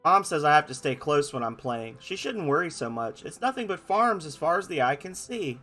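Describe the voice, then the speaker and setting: A man's voice: on the high side, big pitch swings, normal speed, bright, forceful tone, faint music behind. A man hosting a game playthrough, reading every character's lines aloud in playful voices and joking about his own reading. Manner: reads lines in varied playful voices, self-mocking asides. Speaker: gameplay host reading game dialogue aloud.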